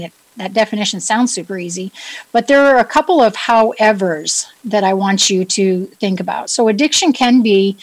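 A woman's voice: mid-range voice, poor audio. A woman with a New England accent giving a chatty, upbeat wellness talk to her listeners, joking about herself and asking them questions. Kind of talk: casual solo talk to listeners.

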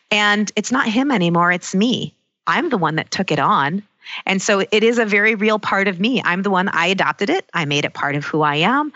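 A middle-aged woman coach speaking in an earnest, personal, reflective way, slowing down to stress her key points. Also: lowish voice, fairly bright tone, no room sound, lo-fi sound. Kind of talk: reflective self-help talk.

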